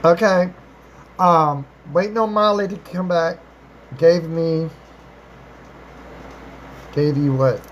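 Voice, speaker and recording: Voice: slow pace, long pauses, dull audio, a little hiss or hum. An adult live-stream host chatting casually with viewers, affectionate and talkative, calling everyone darling and baby, often rephrasing themselves. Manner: chatty, repeats and rephrases, with swooping pitch jumps. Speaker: livestream host answering viewer questions.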